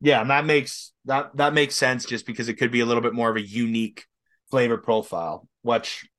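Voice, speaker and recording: A man's voice: mid-range voice, fairly even intonation, brisk, fairly bright tone. A young Canadian man co-hosting a podcast, rambling casually, laughing and swearing now and then. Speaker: podcast co-host. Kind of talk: casual chat.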